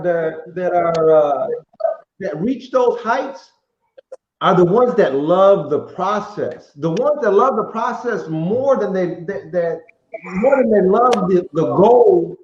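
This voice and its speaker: A high-voiced male podcast host muses on grit and persistence in a reflective tone. His voice comes through muffled and echoey, over what sounds like a remote call. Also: a little mellow, slight background noise. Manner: reflective, motivational musing. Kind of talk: casual podcast chat.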